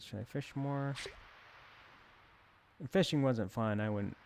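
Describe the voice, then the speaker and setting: A man's voice: mid-range voice, slow pace, vocal fry, slight background noise. A man giving casual commentary as he plays a farming game, rambling with self-amused asides. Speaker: let's play host.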